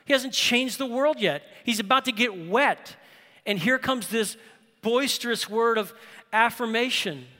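A man preaching a sermon, telling stories and dropping low and slow for emphasis, then rising loud when he exhorts. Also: big-room sound. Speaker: pastor.

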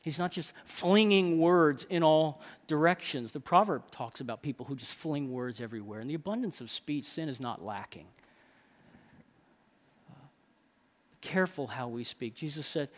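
A man's voice: on the high side, normal speed. Emphatic man preaching a sermon. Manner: emphatic, rhetorical questions. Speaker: preacher to men.

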